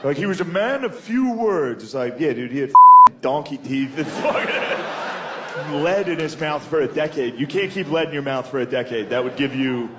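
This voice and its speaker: A man's voice: fairly high pitch, big pitch swings, moderate pace. A male stand-up comedian ranting in disbelief, with plenty of swearing. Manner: incredulous, profane rants. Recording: noisy live recording.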